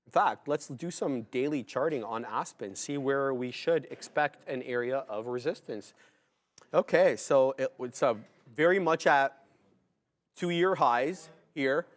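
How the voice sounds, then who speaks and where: A man's voice: mid-range voice, measured pace. A man co-hosting a live trading stream, talking casually through charts and correcting himself aloud. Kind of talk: live market commentary.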